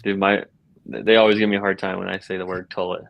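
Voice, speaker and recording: A man hosts a podcast, full of upbeat, joking bro banter. His voice sits fairly low and sounds close and dry, with little room around it. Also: level tone, fast, vocal fry, no room sound, dull audio. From Georgia, US. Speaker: podcast host. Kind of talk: casual interview chat.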